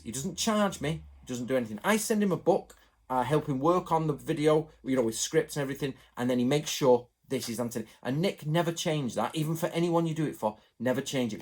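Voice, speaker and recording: A man from England chatting to his viewers in a rambling, animated way, going off on asides. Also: medium pitch. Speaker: channel host. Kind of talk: casual chat to camera.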